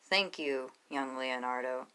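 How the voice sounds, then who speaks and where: Woman doing a captive dragon, wise and wary, firm, hushed, solemn, storybook reading. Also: rumbling low, slow pace, smooth, full character voice, rough recording.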